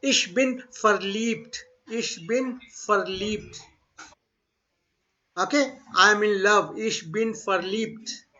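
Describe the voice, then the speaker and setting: The speaker is a German language teacher whose voice is high and bright. Over a dull, lo-fi connection typical of online classes, he repeats each phrase at a slow pace, then breaks it down in English mixed with Hindi.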